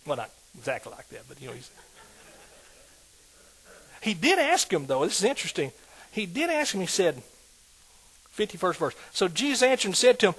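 A man preaching a sermon in a lively call-and-response manner, asking the congregation questions. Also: high-pitched, moderate pace, long pauses, husky.

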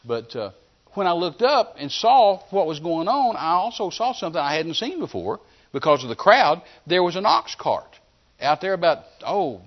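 A man preaching a sermon, telling a healing story in an animated way and acting out the scenes. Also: on the high side. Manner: animated storyteller who acts out scenes and shouts commands. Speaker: evangelist preacher. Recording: dull lo-fi sermon recording.

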